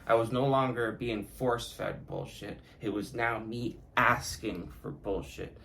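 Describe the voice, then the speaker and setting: A man's voice: on the low side, measured pace, gravelly, a bit bright, a little hiss or hum, rough recording. A young man hosting his own podcast, talking alone in a casual, reflective way, swearing freely and often laughing. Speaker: podcast host. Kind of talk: casual solo monologue.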